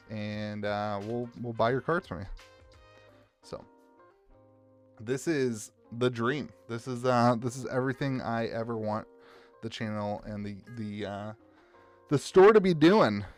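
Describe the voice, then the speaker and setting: A man's voice: medium pitch, fairly even intonation, unhurried, long pauses, soft background music. A man with an Appalachian American accent, chatting casually and rambling as he sorts trading cards on a live stream and greets viewers by name. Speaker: card shop owner streaming live.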